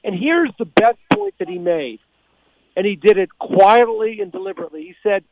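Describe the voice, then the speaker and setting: High-voiced man on a tinny phone line. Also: sing-song, creaky, no echo. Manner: measured, deliberate, many fillers. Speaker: political guest commentator. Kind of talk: radio call-in commentary. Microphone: telephone.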